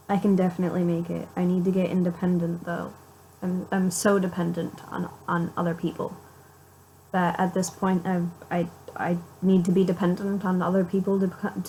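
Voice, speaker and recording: A woman's voice: on the low side, a little mellow, a little hiss or hum, poor audio. A young woman talking straight to her viewers in a confessional vlog, raw and emotional, swearing a lot, repeating herself and breaking off mid-sentence. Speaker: vlogger.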